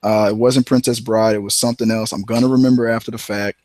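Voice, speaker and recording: A man co-hosting a casual movie talk show, rambling and retelling scenes with animated quoted voices. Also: fairly low pitch, fast, no echo. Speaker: podcast co-host.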